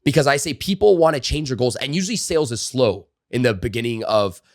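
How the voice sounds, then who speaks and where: A man's voice: medium pitch, quick pace, no echo. Male sales coach guest on an interview show, storytelling with energy, casual fillers, mid-range voice, dry close-miked sound. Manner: animated storyteller, frequent "like" and "you know" fillers. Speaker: sales trainer and author, podcast guest.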